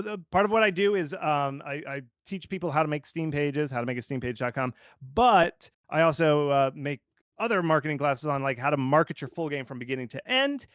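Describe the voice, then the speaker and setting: A man who is a game marketing consultant, giving casual, animated advice full of "like" fillers. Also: fairly high pitch, no room sound, studio quality. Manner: animated and informal, lots of fillers like "like". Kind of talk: conversational expert commentary.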